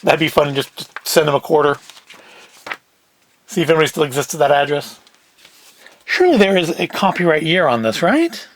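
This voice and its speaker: A man's voice: fairly high pitch, expressive, normal speed, long pauses, slight background noise. A man hosting a casual solo talk, who rambles and thinks aloud in a chatty way. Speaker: host.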